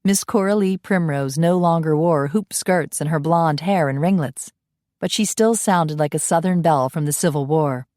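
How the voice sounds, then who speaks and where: A woman narrating an audiobook in an even storytelling read. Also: sits low, moderate pace, dry recording, clean studio sound. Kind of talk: scripted narration.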